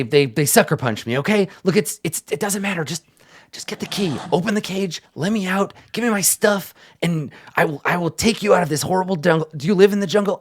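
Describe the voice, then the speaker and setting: A man voicing a smooth-talking, fast-talking caged con man in a tabletop game, pleading in a hushed, wheedling way. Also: sits high, pitched above the performer's own voice. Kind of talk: tabletop role-play voice.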